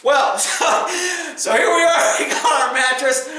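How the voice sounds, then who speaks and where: A middle-aged man, a former police officer, casually telling a story, animated, laughing often and acting out loud quotes. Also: very high-pitched, a little slow, very echoey, rough recording.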